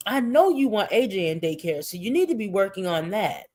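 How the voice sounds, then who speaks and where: A woman's voice: mid-range voice, big pitch swings, brisk, a little mellow. A woman hosting casual livestream commentary, talking in a profane, mocking way.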